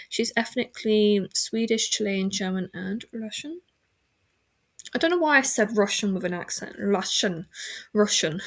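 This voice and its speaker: A woman's voice: medium pitch, gravelly. A woman hosting a podcast from a room at home, chatting casually and rambling with lots of filler words and self-corrections. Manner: frequent self-corrections and restarts. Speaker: podcast host. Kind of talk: casual chat.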